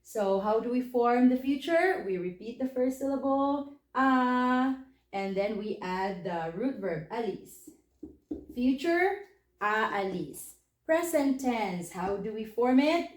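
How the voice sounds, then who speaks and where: A woman's voice: a little high, animated, unhurried, darkish tone, echoey room. A woman teaching a language lesson, patiently explaining step by step and checking in with questions. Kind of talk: spoken lesson.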